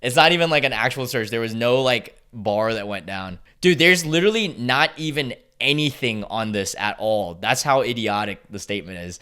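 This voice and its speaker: A man's voice: mid-range voice, animated, fairly quick, pushed and bright, clean tone. A man from the United States hosting a reaction video, reading online posts aloud and mocking them in a sarcastic, casual way, laughing often and swearing freely.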